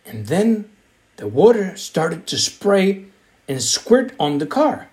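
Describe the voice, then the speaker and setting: A man reads a children's story aloud, slow and expressive. His voice sits a little high for a man and swings widely in a sing-song style.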